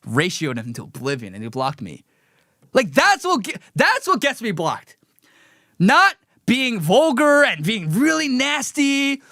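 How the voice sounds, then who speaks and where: A man hosting a live commentary show, talking in an animated, sarcastic way. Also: very high-pitched, unhurried, gravelly, no room sound, clean studio sound. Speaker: show host.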